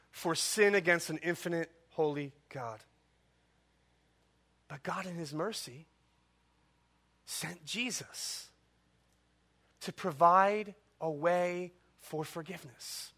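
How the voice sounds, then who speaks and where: High, bright-voiced impassioned male preacher. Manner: impassioned preaching, rhetorical questions, dramatic pauses. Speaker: pastor. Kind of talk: sermon.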